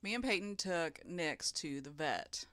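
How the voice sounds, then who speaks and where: A woman's voice: fairly low pitch, expressive, measured pace, fairly bright tone. A woman co-hosting a podcast in casual chat, reacting with gasps and exclamations to scary stories. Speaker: podcast co-host.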